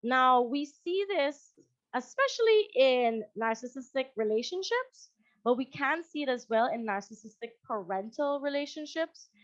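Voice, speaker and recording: A woman's voice: sits high, animated, normal speed, dry recording, muffled recording. A woman psychologist with a Guyanese accent giving a conversational presentation over a video call, often acting out quoted parents.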